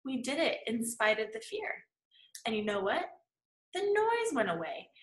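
A woman's voice: fairly high pitch, sing-song, normal speed. A woman manifesting coach teaching in a casual, chatty way, tagging her points with "right?" and "okay?". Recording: echoey room.

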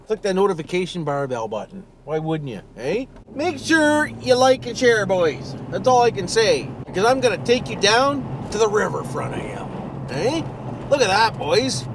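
An older man from Ontario, Canada, with a Canadian accent and fairly high voice vlogs casually while driving, trading crude jokes and repeating catchphrases like "friggin' right." He's recorded from inside the car by a distant mic, with loud car noise all around.

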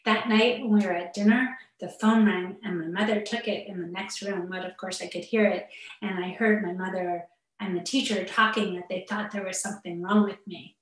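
A woman's voice: medium pitch, steady tone, moderate pace. Echoey distant woman giving a talk. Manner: earnest and personal, with muttered asides. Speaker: therapist giving a parenting webinar. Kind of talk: online talk to parents. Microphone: video call. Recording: echoey room, far from the mic.

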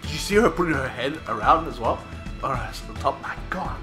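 A man's voice: medium pitch, expressive, brisk, music in the background. A man co-hosting a let's play, swearing and joking through casual gaming banter. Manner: profane, joking.

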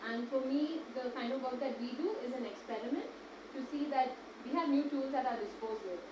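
A woman's voice: high-pitched, brisk. Earnest campaigner woman. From India. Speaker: panelist, campaigner. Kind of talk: panel discussion. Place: large echoey event hall. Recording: echoey hall from far off with background noise.

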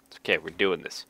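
A man casually reading game card text aloud, cracking jokes, laughing at them, and adding dry asides. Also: a bit bright. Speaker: gaming YouTuber reading card flavor text.

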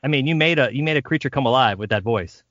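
An enthusiastic male podcast host with a bright, edgy voice who laughs along with his guest. His audio is dry and somewhat dull. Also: medium pitch, fast talker, no echo. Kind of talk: casual interview.

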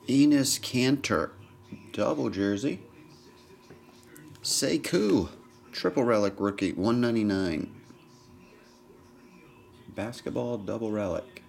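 A man's voice: on the low side, slow, gravelly, darkish tone. A man hosting a live card break in casual chat, tired and yawning, reading off players' names as he opens packs. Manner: chatty, reads names off cards, yawning. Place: indoor room at a camera. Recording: noisy stream recording.

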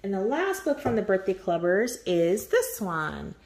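A woman's voice: medium pitch, sing-song, a little slow, darkish tone. A woman hosting a coloring channel, chatting casually and gushing over her birthday gifts with frequent laughter. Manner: gushing, effusive, laughs often.

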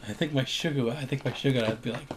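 A man's voice: medium pitch, quick pace. A young man rambling casually to camera, joking and acting out imagined conversations. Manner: rambling, jokey, acts out imagined exchanges. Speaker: vlogger. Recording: faint background noise.

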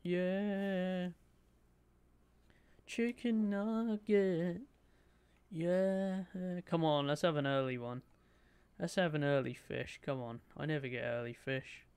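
Excitable streamer, gravelly and smooth. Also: male voice, on the high side, normal speed. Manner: excitable, chatty, talks to his chat, swears lightly. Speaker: gaming streamer. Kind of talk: live game commentary.

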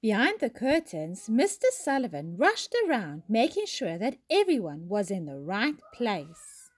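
A woman teacher reading a children's picture book aloud in a slow, expressive storytime manner. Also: mid-range voice.

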